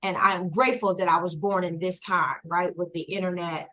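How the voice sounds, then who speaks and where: A woman talking in a conversation, reflective and halting, with many fillers and a rising emotional intensity. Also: lowish voice, steady tone, bright, forceful tone, poor audio. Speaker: guest.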